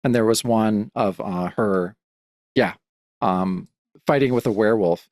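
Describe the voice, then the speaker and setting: A man's voice: lowish voice, measured pace, a little mellow, no echo. Rambling male comics podcast co-host. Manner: rambling, with many restarts and fillers. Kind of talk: casual chat about comics.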